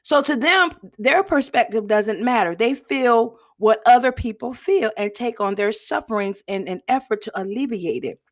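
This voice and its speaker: A woman hosting a casual motivational talk in a folksy, chatty way, often clearing her throat and coughing. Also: on the high side, expressive, moderate pace, few pauses. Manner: chatty, folksy, addresses listeners as y'all. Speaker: host.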